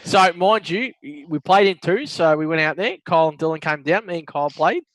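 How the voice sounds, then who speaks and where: A man's voice: fairly high pitch, a little fast, fairly bright tone, rough recording. A man co-hosting a podcast, chatting casually, laughing at himself and swearing freely. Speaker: podcast co-host. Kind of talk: casual banter.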